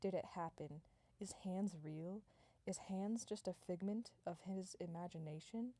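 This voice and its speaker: A woman's voice: on the low side, a little slow, mellow. Rambling woman improvising a comic story. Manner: rambling, swears, restarts mid-sentence.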